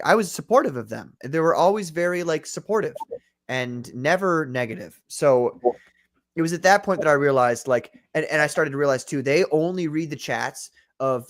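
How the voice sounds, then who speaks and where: A man co-hosting a livestream, talking loosely and profanely and reading viewer chats aloud. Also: a little high. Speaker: podcast co-host. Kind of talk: casual livestream chat.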